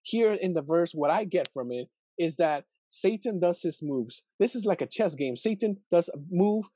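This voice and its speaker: A man's voice: sits high, animated, moderate pace, dark tone, no echo. A young man casually reflecting on a Bible passage in a video, thinking aloud with fillers and rhetorical questions. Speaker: video host reflecting on scripture.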